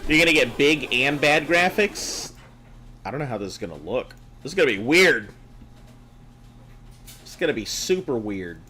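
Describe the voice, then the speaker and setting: A man's voice: mid-range voice, sing-song, moderate pace, pauses often, sharp tone, slightly rough. A man streaming live, chatting casually with viewers, reading chat messages aloud and joking as he goes.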